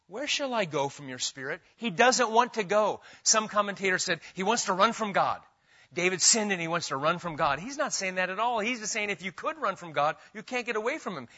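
A bright, high-pitched man preaches with emphasis and keeps asking his listeners questions. The sermon comes through a dull, lo-fi church recording. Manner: emphatic preacher who asks the congregation questions. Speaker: pastor. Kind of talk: expository sermon.

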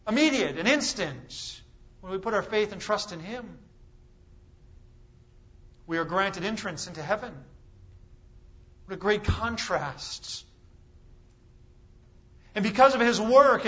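A man delivers a sermon in a high, bright, forceful voice. He preaches with emphasis, asks the room rhetorical questions and leans on dramatic pauses. The recording is slightly dull and lo-fi.

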